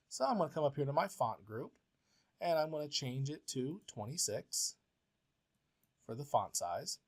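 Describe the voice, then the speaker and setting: Male instructor, mid-pitched, patient step-by-step screen-recorded tutorial delivery. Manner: step-by-step, plain and patient, with frequent uh fillers. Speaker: professor. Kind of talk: software tutorial walkthrough.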